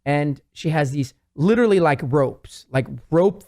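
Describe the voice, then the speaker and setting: A man, a plastic surgeon, chatting on a talk show and telling patient stories in an animated way, acting out what his patients said. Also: fairly high pitch, a little slow. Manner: animated storyteller, quotes patients in lively voices. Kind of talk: casual talk-show conversation.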